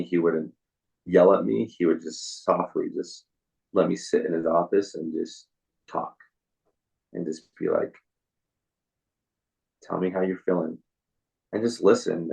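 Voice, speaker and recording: A young man as a podcast guest, telling his story in a soft, halting way with many restarts. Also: low-pitched, creaky, breathy edge, rough recording. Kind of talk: casual interview storytelling.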